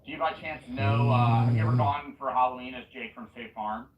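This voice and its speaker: A man on a headset mic giving live, excitable commentary on his own gameplay, yelling and swearing at opponents. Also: medium pitch, brisk, roomy sound, lo-fi sound, slight background noise. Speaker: streamer.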